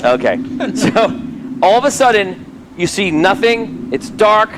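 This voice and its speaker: Man, game master, high voice, giggly rambling narration, faint hiss behind. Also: big pitch swings, measured pace. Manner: laughing often, rambling narration.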